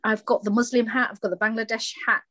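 A woman's voice: fairly high pitch, level tone, fast, sharp tone. A woman, speaking as a guest founder about her fashion brand, emphatic and impassioned, often acting out conversations. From London. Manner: impassioned, emphatic, acts out dialogue in quotes. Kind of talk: passionate interview talk.

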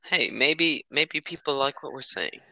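A man's voice: medium pitch, animated, unhurried, gravelly, sharp tone, dry recording. A teenage boy co-hosting a casual podcast chat, rambling and laughing often. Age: teens. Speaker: podcast co-host.

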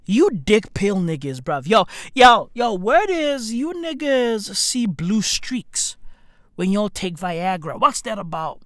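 Slow, swooping, profane comic ranter. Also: female voice, a little high, sing-song, fairly bright tone, no echo, clean studio sound. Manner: rambling, profane, keeps asking "right?"; slangy, calls listeners "bruv". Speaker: podcast host. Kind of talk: profane comedic rant.

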